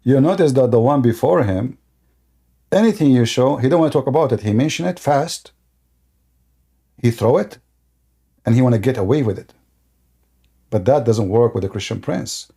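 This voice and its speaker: A man hosting a live debate stream, hammering at callers with insults and interruptions. His voice is dark and mellow at a middling pitch, and his speech stumbles with repeated words and restarts. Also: slightly rough. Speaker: debate show host.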